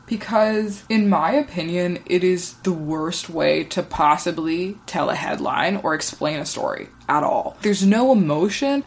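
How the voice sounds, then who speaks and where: A woman hosting a solo podcast, talking in a chatty, rambling way with lots of "like" fillers. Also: mid-range voice. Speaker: podcast host. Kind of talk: casual solo monologue.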